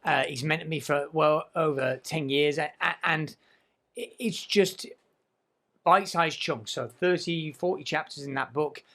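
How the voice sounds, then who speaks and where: A man's voice: a little high, a little slow, a bit bright. A man hosting a podcast in a studio, talking casually and eagerly, with lots of restarts and "like"s. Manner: enthusiastic, restarts words often, says "like" a lot. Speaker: podcast host.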